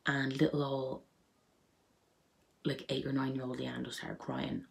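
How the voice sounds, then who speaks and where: A woman's voice: low voice, steady tone, moderate pace, vocal fry, pauses often, warm tone. A young woman chatting to camera, telling funny childhood stories with lots of fillers and laughter. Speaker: vlogger. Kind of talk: casual storytelling to camera.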